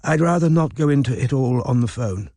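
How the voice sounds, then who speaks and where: A man's voice: medium pitch, lively intonation, fairly quick, dark tone, no echo, studio quality, pitched above the performer's own voice. A man reading an audiobook, voicing a feeble, hard-of-hearing elderly man who speaks hesitantly. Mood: embarrassed.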